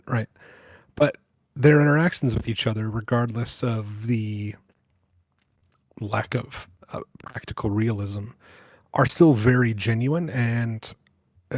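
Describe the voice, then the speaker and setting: A man's voice: on the low side, darkish tone, no room sound. A man on a movie podcast panel, musing at length about a director's style with jokey asides. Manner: thoughtful, rambling, jokey asides. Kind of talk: casual film discussion.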